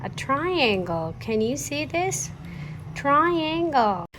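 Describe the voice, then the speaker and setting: A young woman teaching toddlers, asking questions in a slow singsong way. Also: high voice, very animated, a bit bright, slight background noise. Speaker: children's teacher.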